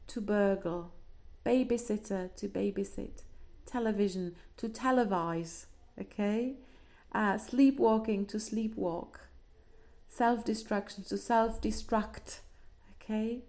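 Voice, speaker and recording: A woman's voice: on the high side, slow, a little mellow. A woman giving a classroom lecture, explaining step by step with many fillers and a frequent checking "okay?". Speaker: linguistics lecturer.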